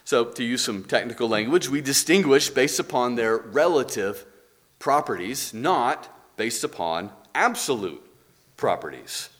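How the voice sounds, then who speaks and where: A man teaching a church class in an earnest, explanatory way. His pitch moves a lot, climbing when he presses a point and dropping low as he winds down. He works through examples and asks questions aloud. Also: expressive, a little slow, a bit bright. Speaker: Bible teacher.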